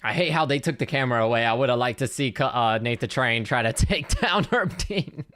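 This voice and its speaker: A man hosting a livestream watch party, giving casual, excitable play-by-play of a fight and swearing freely. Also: mid-range voice, fairly quick. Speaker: livestream host.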